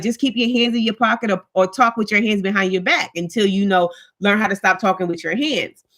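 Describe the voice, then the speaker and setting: A woman in her thirties, a stay-at-home mom, chatting casually and bluntly with viewers on a live stream and reading out their comments. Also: fairly high pitch. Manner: talks with her hands, blunt and animated, reads viewer comments.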